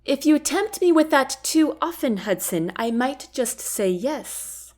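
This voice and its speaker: A woman's voice: high-pitched, expressive, slow pace, darkish tone, pitched above the performer's own voice. A woman voicing a proud young queen in a storybook reading, speaking in a firm, indignant way. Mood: wry. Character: proud young queen, defiant and quick to anger.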